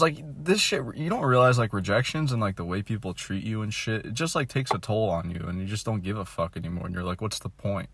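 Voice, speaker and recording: A young man in his twenties vents into his phone in a low, deflated voice. He rambles and swears, with "like" and "you know" in every breath. The sound is dry and close, with no room echo. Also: fairly bright tone. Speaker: vlogger. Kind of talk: casual venting monologue.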